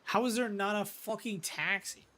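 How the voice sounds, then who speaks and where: A man's voice: sits high, normal speed, pushed and bright. A man streaming a role-play game, talking to himself, swearing often and swinging between frustration and disbelief. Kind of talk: live game-stream commentary.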